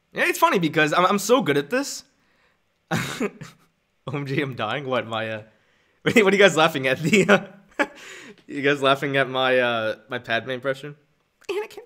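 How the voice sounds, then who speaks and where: A young man chats casually on a live stream at his desk mic, animated and quick to laugh. His tone is bright and his pitch bounces around a lot, with frequent stumbles and restarts.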